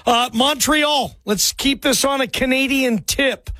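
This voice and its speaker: High-voiced, chummy sports radio host. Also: male voice, unhurried, no room sound. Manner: energetic, chummy, slangy. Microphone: studio microphone.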